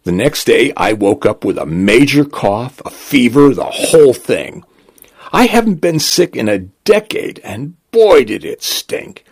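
A man tells a comic first-person story in a wry, deadpan way. His voice is gravelly and husky, and he speaks slowly with a lively, swinging pitch. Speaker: narrator.

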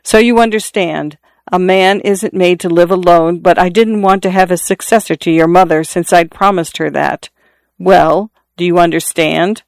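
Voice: medium pitch, fairly even intonation, normal speed, gravelly, no echo, natural voice. A reader voicing a wounded, dying father in his forties who talks urgently and repeats himself, in pain and short of breath. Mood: earnest. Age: 40s. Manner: earnest, insistent, repeats himself. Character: dying middle-aged father, urgent and confiding.

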